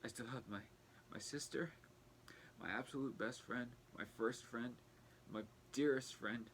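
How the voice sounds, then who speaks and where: A young man talking earnestly in a personal vlog, halting and restarting as he fights back tears. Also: medium pitch, a bit bright, slight background noise. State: tearful, fighting back crying. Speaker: vlogger.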